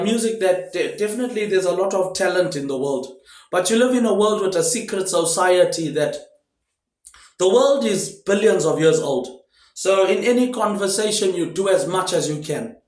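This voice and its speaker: A man in a rambling, casual monologue, drifting between loosely connected thoughts and ending nearly every phrase with "mate, eh". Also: high-pitched. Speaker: vlogger. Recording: roomy echo.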